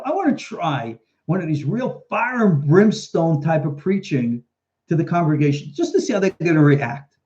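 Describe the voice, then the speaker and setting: A man, a rabbi and teacher, answering viewer questions in a casual live talk, chatty and digressive, telling stories as he goes. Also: on the high side. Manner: chatty, animated storyteller, digresses freely. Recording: dull lo-fi livestream audio.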